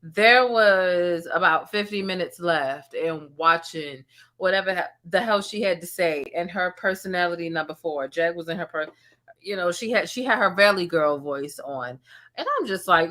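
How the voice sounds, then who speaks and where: Low bright-voiced woman, aave, rambling candid stream chat, repeats herself. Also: moderate pace. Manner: candid, conversational, trails off and repeats words. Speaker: commentary channel host. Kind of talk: casual live-stream chat.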